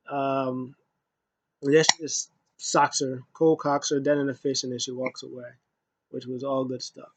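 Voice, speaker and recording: A man's voice: medium pitch, little pitch movement, a little slow, slightly rough, no room sound. A man giving a loose, rambling casual recap as a wrestling show reviewer, full of asides.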